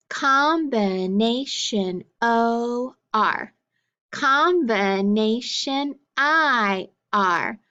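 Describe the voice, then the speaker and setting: A woman teaching a phonics lesson, drilling letters and sounds slowly and deliberately, one at a time. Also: a little high, a bit bright. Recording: dull lo-fi recording.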